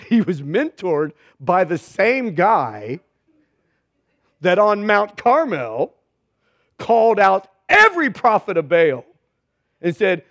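A man's voice: sits high, big pitch swings, takes it slowly, long pauses, a bit bright, no room sound. A man preaching a humorous, conversational sermon as pastor, joking and emphatic.

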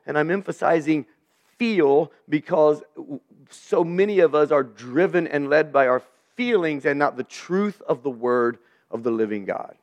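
A man's voice: a little high, a little slow, dull audio. An older man preaching a sermon to a room of listeners, earnest, often stammering and repeating words as he builds his points. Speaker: pastor. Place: church room with a live audience.

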